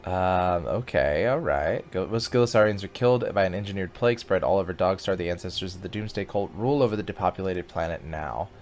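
A man's voice: deep voice, brisk, few pauses, darkish tone. A man hosting a casual gaming video, chatting and reading game text aloud as he plays. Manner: chatty, reacts aloud and sings snatches of songs.

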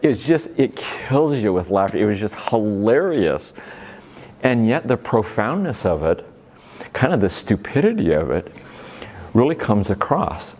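With a low-side, slightly mellow voice and a sing-song lilt, a middle-aged man from Oregon, USA, talks a little slowly. He's a speaker at a faith-based recovery ministry event, spinning homey, playful, folksy stories for a live audience.

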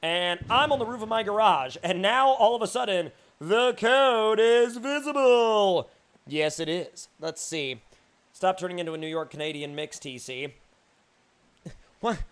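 A young male streamer talks casually over his gameplay, reading out chat messages and answering them. His voice sits fairly high for a man. The talk is loose and chatty, full of fillers. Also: normal speed, a bit bright. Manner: chatty, reads chat aloud, many fillers. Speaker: gaming livestreamer. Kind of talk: casual live gameplay commentary.

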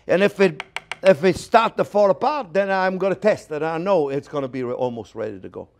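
A man with a French accent hosting a cooking show, teaching a recipe in a chatty, animated way with playful exclamations. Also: on the high side, a little fast. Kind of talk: casual cooking demonstration.

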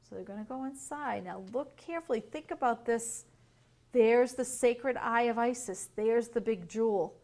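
A woman teacher reading a picture book aloud to young children, gently explaining and asking questions. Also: a little high, normal speed.

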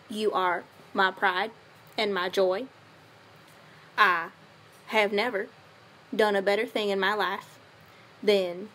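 A woman's voice: medium pitch, a bit bright. Woman playing a doting Southern dad. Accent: put-on Southern US. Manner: earnest, tender, folksy. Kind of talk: comedic affirmation monologue.

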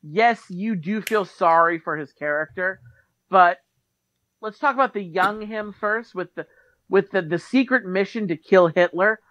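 A man's voice: high-pitched, a little slow, fairly bright tone, dry recording, low-quality recording. A man co-hosting a movie podcast, chatting enthusiastically about a film with some swearing. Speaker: podcast co-host. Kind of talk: casual movie review chat.

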